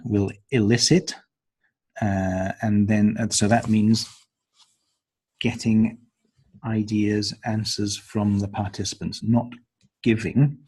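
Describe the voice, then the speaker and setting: A man's voice: on the low side, a little mellow, breathy edge. A man explaining the stages of a lesson plan to trainers, with frequent ums and uhs. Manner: hesitant, many ums and uhs. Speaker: teacher trainer. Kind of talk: instructional walkthrough of a lesson plan.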